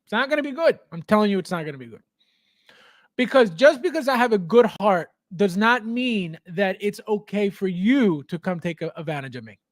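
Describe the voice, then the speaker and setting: A man with a high-pitched voice hosts a live stream, chatting with viewers and answering their comments. He talks in an animated way, repeats himself, and restarts his sentences often. His voice sounds dry and close, with little room echo. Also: normal speed. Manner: animated, repetitive, stammering restarts, laughs often. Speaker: livestream host. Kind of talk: casual live chat reading viewer comments.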